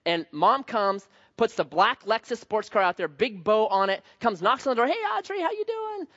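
High-voiced animated man preaching. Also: normal speed, lo-fi sound. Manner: animated, joking, conversational. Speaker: pastor. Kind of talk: sermon.

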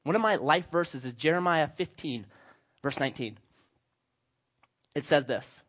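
A man's voice: on the high side, a little slow, fairly bright tone. A young man preaching a sermon as pastor, telling stories with humor and acting out the voices. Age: young adult. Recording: slightly dull lo-fi sound.

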